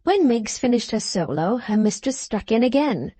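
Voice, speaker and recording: A woman reading a classic novel aloud as an audiobook narrator, in a measured, steady storytelling manner. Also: on the high side, breathy edge, no room sound.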